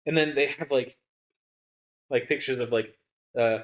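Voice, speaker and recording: A man's voice: mid-range voice, measured pace. A young man co-hosting a podcast in casual chat, laughing often and rambling with lots of fillers. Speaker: podcast co-host.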